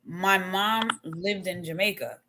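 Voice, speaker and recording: A woman's voice: fairly low pitch, slow pace, noisy background. A woman co-hosting a casual talk show, retelling an online argument and acting out the quotes, laughing often. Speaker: podcast co-host. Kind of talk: casual chat.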